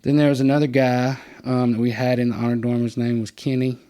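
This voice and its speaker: Male podcast host, conversational and animated, mid-range voice. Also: fast. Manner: animated storyteller, acts out quotes in a higher voice. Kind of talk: casual storytelling chat.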